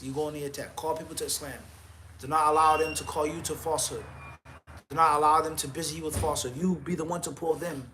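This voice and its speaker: A man answers audience questions as a mufti, urging and firm. He lists points one by one and pokes fun at himself. His voice sits slightly high, and faint background noise runs underneath. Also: bright, forceful tone. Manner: firm, exhorting, counts points, jokes about himself. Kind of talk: live Q&A answers.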